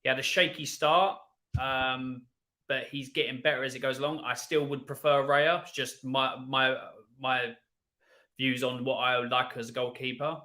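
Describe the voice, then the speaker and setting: Bright-voiced man giving frank football takes. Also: mid-range voice, little pitch movement, moderate pace. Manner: frank, opinionated, repeats words. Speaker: panel guest, Spurs fan. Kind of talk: casual football stream chat.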